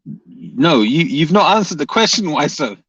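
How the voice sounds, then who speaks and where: A man's voice: on the high side, sing-song, a little slow, fairly bright tone, slightly rough, no room sound, highs cut off. A man streaming live, reading viewer comments aloud and arguing back, repeating his questions at the commenters.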